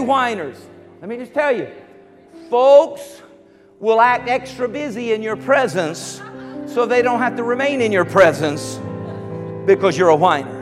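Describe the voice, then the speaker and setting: A man preaching a sermon as pastor, animated, shouting at times and dropping low at others. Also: in a large hall.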